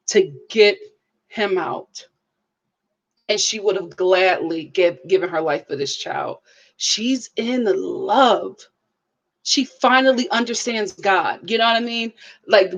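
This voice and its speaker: A woman with features giving a casual live review of a reality show, speaking to her viewers in an animated, preachy way. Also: medium pitch, muffled recording.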